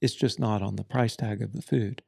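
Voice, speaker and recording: A man co-hosting a podcast, explaining things in a measured, casual way. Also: on the low side, steady tone, vocal fry, mellow. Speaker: podcast co-host. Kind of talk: casual conversation.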